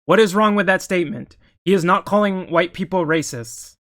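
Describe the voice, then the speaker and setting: A man's voice: sits high, moderate pace, fairly bright tone. A man giving casual political commentary while reacting to news articles, opinionated and heated, often restarting his sentences mid-thought.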